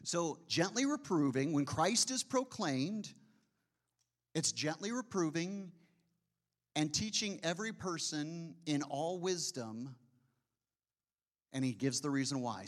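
A man's slightly high voice, with lively intonation, carries a conversational sermon. He asks his listeners questions often and slows into a hush for key phrases.

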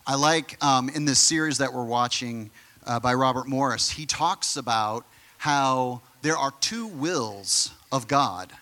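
A man's voice: medium pitch, unhurried, sharp tone. A man pastor preaching a conversational sermon, full of fillers and questions to the congregation.

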